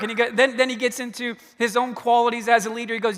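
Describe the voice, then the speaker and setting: A man preaching with an animated delivery and a fairly high voice. He slips into acted-out dialogue and lifts his emphasis as he goes. His voice rings with a long reverb, as if in a large sanctuary. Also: fast, hardly any pauses. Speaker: pastor. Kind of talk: sermon. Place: church sanctuary.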